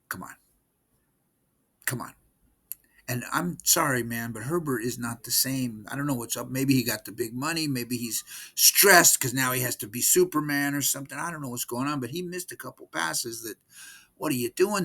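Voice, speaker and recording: A gravelly-voiced man in his sixties rambles through a football recap, exasperated and repeating himself. His tone is casual and fan-like, and his voice sits at an ordinary pitch. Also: bright, forceful tone. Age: 60s. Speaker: sports fan vlogger.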